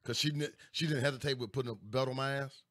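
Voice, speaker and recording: A man co-hosting a talk show, chiming in with quick comments. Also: mid-range voice, a bit bright, dry recording, studio quality. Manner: quick interjections. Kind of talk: casual chat.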